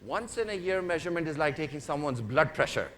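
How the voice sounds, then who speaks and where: A man's voice: on the high side, expressive, fast talker, fairly bright tone. A man giving an interactive keynote speech, playfully teasing and directing the audience from a stage microphone. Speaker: keynote speaker. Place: large conference hall. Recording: reverberant hall, faint noise.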